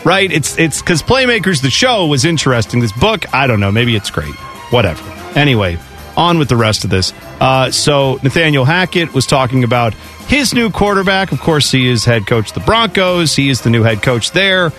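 A man's voice: medium pitch, very animated, normal speed, a bit bright, soft background music. A man hosting a casual sports radio show, opinionated and chatty, slipping into mocking voices when he quotes people. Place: radio studio.

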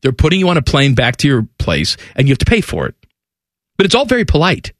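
A man's voice: on the high side, wildly swooping pitch, fast talker, dry recording, studio quality. A man hosting a radio show, telling stories in casual banter with a teasing manner. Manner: teasing storyteller, tries silly accents.

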